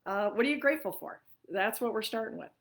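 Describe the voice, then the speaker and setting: A woman's voice: on the high side, fast. A middle-aged woman from New York hosts a casual livestream chat from her living room, talking freely with frequent fillers and laughs. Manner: chatty, warm-hearted and laughing often, with many fillers. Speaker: livestream host.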